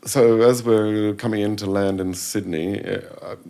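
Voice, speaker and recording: A man's voice: lowish voice, steady tone, measured pace, dark tone. A middle-aged man, a podcast guest, telling rambling anecdotes in casual chat, correcting himself often. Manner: rambling anecdotes with self-corrections and quoted voices. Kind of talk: casual storytelling interview.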